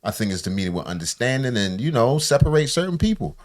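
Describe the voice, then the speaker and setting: A man co-hosting a reaction show, chatting casually, animated and profane, laughing easily. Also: mid-range voice, fast talker.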